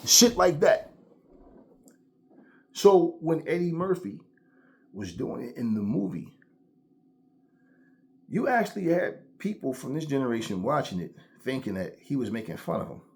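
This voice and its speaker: A man's voice: mid-range voice, very animated, unhurried, gravelly, long pauses, darkish tone. Profane, blunt man ranting. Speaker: channel host. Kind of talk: ranting commentary vlog.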